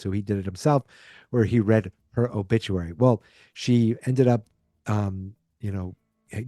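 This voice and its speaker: A man's voice: fairly low pitch, mellow, no room sound, clean studio sound. A man hosting a podcast, rambling casually through a movie review, restarting sentences and acting out quoted lines. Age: adult, alive in 1986. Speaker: podcast host.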